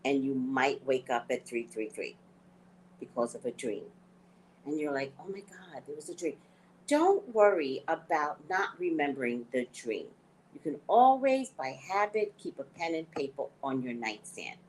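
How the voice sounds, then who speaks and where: Animated woman telling spiritual stories. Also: extremely low pitch, a little slow, slight background noise, rough recording. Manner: animated storytelling, laughs often, acts out her own thoughts. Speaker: psychic reader and show host. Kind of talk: casual spiritual talk.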